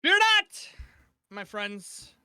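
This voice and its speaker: A man voicing a grandiose young male adventurer who declaims slowly and theatrically. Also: high-pitched, bright, forceful tone.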